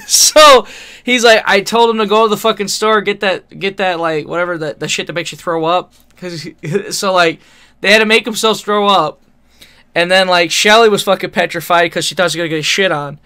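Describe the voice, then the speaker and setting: Man, podcast co-host, casual storytelling, rambling, laughs a lot, swears, smooth clear voice. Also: high voice, moderate pace, pushed and bright. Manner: laughs through his own story, swears freely, rambling with fillers.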